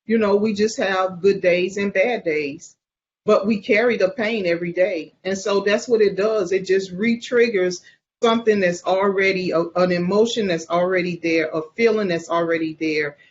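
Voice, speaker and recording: Grieving mother, interview testimony: earnest, repetitive, stumbling restarts, mid-pitched, slightly muffled recording. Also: normal speed, slight background noise.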